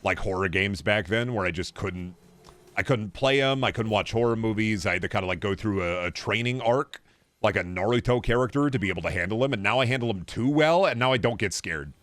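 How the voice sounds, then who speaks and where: A young man with a fairly low, slightly bright voice speaks fairly quickly while streaming a video game. His casual commentary rambles as he curses and chats with viewers during play.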